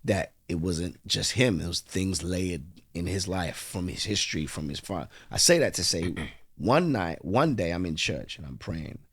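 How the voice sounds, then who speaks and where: A man from London, a guest in an interview, telling a heartfelt story and rising to animated bursts when he stresses a point. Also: low voice, normal speed, breathy edge, no room sound, clean studio sound. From London, England.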